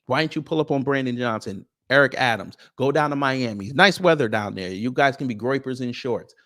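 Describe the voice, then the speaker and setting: A male streamer rants at his audience and fires off question after question in a mocking tone. His pitch sits in the middle and he laughs with scorn as he talks. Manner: animated, mocking, rapid rhetorical questions. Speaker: political commentary host. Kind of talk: ranting live-stream commentary.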